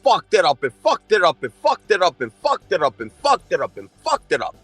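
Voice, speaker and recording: A man's voice: sits high, huge pitch swings, brisk, a bit bright, husky, no room sound, soft background music. A man livestreaming an angry, profane, insulting rant.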